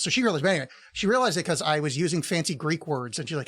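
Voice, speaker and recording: A man's voice: on the high side, lively intonation, rapid-fire, few pauses, fairly bright tone, no room sound, studio quality. A middle-aged man co-hosting a podcast, telling rambling stories in casual chat, laughing often and swearing freely. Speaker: podcast co-host.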